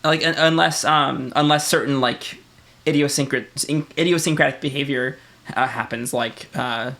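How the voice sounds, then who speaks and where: A man's voice: mid-range voice, fairly even intonation, normal speed, bright, forceful tone. A man with a Michigan accent, co-hosting a podcast in casual chat, rambling with many restarts and acting out phrases. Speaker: podcast co-host.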